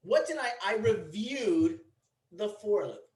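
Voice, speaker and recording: A man's voice: high-pitched, expressive, unhurried, darkish tone, echoey room, poor audio. A man teaching a programming class, blunt and teasing, in a classroom. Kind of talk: classroom lecture.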